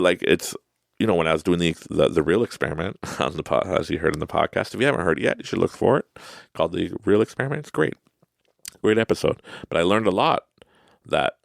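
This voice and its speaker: A man's voice: low voice, vocal fry, no room sound, studio quality. A man hosting a podcast, rambling through a casual motivational monologue, laughing often and poking fun at himself. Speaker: podcast host.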